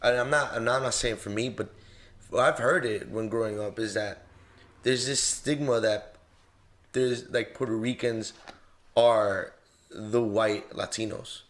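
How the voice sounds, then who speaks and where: A man's voice: mid-range voice, steady tone, unhurried. Earnest man hosting a podcast. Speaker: podcast host. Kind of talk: casual podcast chat.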